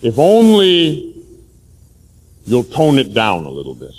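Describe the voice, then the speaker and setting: A priest voicing the devil as a smooth, coaxing male tempter in a persuasive tone. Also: medium pitch, wildly swooping pitch, slow pace, darkish tone, long reverb tail, full character voice.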